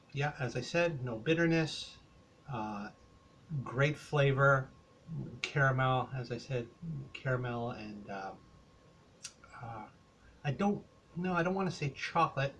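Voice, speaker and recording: A man's voice: medium pitch, slow pace, long pauses, a bit bright, a little hiss or hum. An older man with a Canadian accent, talking through a casual rambling beer review, full of hesitations and fillers.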